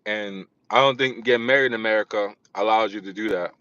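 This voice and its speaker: A man's voice: on the low side, fairly quick, sharp tone, smooth, no room sound, highs cut off. A man talking in a casual vlog monologue, rambling and often restarting his sentences. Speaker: vlogger.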